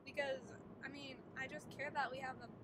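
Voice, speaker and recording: A woman's voice: high voice, level tone, a little fast. A young woman vlogger chatting to her phone camera from a moving car, rambling and giggling often. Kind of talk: casual chat to camera. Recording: car road noise behind.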